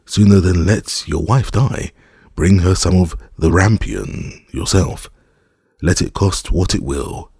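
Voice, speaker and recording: A frightened, pleading husband, played by a man narrating a storybook. The voice is lifted high and strained, gravelly underneath, with a husky edge. The sound is close and dry. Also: slow, a little mellow, dry recording, exaggerated voice. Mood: resolved.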